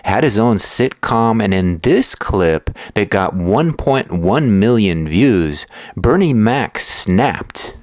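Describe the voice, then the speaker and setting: Brief: male narrator, low voice, lively intonation, slow and measured, scripted reading. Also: dry recording. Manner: measured, reads out view counts and titles. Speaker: video narrator.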